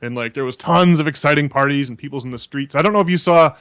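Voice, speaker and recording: A man's voice: fairly high pitch, fast talker, fairly bright tone, clean tone, no room sound. A man co-hosting a casual podcast, talking at length in a rambling way with many fillers and restarts. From New England. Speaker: podcast co-host.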